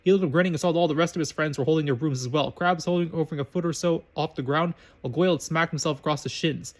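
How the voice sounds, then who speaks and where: A man's voice: on the high side, racing. A man reading a story aloud, often stumbling and correcting himself. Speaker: reader. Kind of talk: reading fan fiction aloud.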